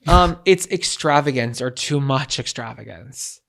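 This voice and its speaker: A man's voice: medium pitch, lively intonation, unhurried, creaky, fairly bright tone. A young adult man co-hosting a podcast, chatting playfully and casually with lots of fillers. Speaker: podcast co-host. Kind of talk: casual comedic chat.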